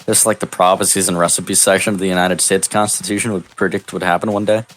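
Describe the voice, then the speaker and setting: A man narrating an improvised comedic text adventure in a deadpan, mock-epic storybook manner over a voice call. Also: low voice, quick pace. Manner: deadpan, absurd storybook delivery. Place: online voice call.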